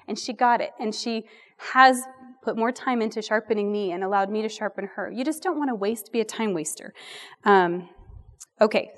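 Brief: middle-aged woman, warm rambling women's ministry speaker, self-deprecating asides, sermon delivery. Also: medium pitch, normal speed. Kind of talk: sermon-style Bible teaching.

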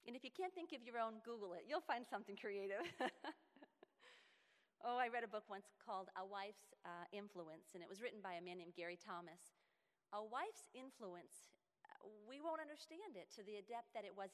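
A woman giving a sermon-style talk to other women, animated and often laughing, acting out quoted lines. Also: medium pitch, clear, resonant tone, big-room sound. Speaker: speaker at a women's gathering.

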